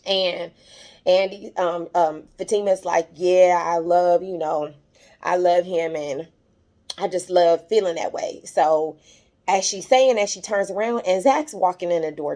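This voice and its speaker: Her lowish, slightly mellow voice moving at a moderate pace, a young adult woman chattily recaps a TV episode on YouTube. She acts out the scenes by quoting characters, uses plenty of fillers, and rises in pitch as emotion takes hold.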